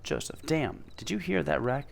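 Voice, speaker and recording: Casting: talkative old country gas station owner voiced by a man, drawling and a little higher than the reader, gravelly edge. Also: expressive, moderate pace, a little hiss or hum. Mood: chatty.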